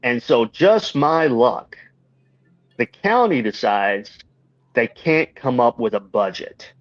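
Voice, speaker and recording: A man's voice: medium pitch, animated, takes it slowly, dry recording, lo-fi sound. A man co-hosting a local live-stream show, telling stories in a rambling way with lots of fillers. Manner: rambling storyteller with many fillers. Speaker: radio co-host. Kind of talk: casual live-stream chat.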